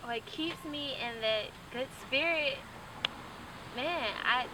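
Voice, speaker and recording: A woman's voice: high-pitched, takes it slowly. A young woman giving an earnest, candid interview, with casual fillers and restarts. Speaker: interview guest. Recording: noisy, from a distance.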